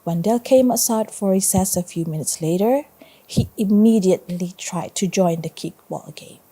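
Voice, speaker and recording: A woman teacher reading a story aloud to her pupils and pausing to ask them questions. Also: mid-range voice, dark tone. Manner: slow, stops to ask students questions.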